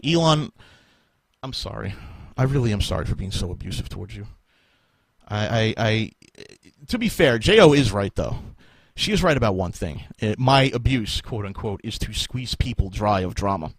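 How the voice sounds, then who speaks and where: A man's voice: on the low side, expressive, normal speed, no room sound. A man hosting a live podcast, ranting angrily and sarcastically with a lot of swearing and bursts of laughter. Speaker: podcast host. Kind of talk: profane rant on a live podcast.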